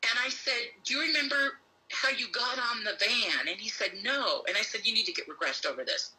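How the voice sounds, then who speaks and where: A woman's voice: on the high side, a little fast, sharp tone, poor audio. A woman as an interview guest, telling a story animatedly and acting out both sides of a conversation.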